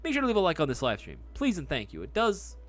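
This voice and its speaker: A young man hosting a live stream, chatting casually and reacting loudly to chat messages. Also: sits high, huge pitch swings, fast. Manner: laid-back, chummy, calls people dog and brother.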